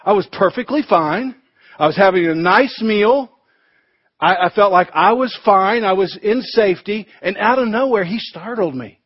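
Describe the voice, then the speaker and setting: Grumpy put-upon sheep guy, whiny and higher up, a preacher doing the voice, dull dry sound. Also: normal speed, husky. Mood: indignant. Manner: aggrieved, casual slang. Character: indignant grumbling sheep, male, easily startled. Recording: dull lo-fi recording.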